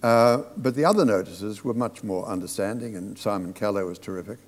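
A man's voice: on the low side, fairly quick, in a large hall. An older man, a theatre director, telling anecdotes with dry humour in an onstage talk.

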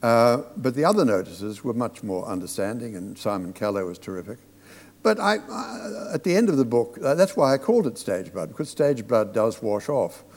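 A man telling theatre stories to a live audience, in a middle-pitched voice. He stops and restarts often. The sound rings with a long hall reverb. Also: big pitch swings, darkish tone. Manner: anecdotal, halting with many restarts. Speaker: theatre director. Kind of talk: storytelling on stage.

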